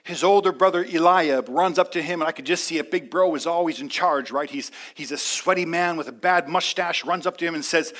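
A man preaching a sermon in a church, energetic and emphatic, calling out to his congregation. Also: fairly high pitch, fairly quick, few pauses. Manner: energetic, emphatic, call-and-response. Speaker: pastor.

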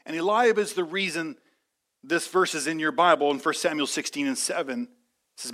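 An energetic pastor delivers a sermon in church, his voice high and bright and his pace a little fast. He speaks emphatically, relies heavily on call-and-response, and keeps things lively and direct.

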